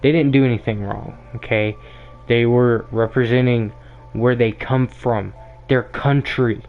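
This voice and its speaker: A man's voice: mid-range voice, steady tone, measured pace, soft background music. A young man hosting a podcast, delivering a blunt, emphatic opinion monologue that often circles back and repeats itself. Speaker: podcast host. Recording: tinny phone-like sound.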